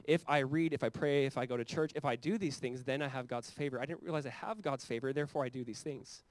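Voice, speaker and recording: A man's voice: medium pitch, fast, dry recording. A man preaching a sermon as pastor, talking conversationally and building to fervent emphasis.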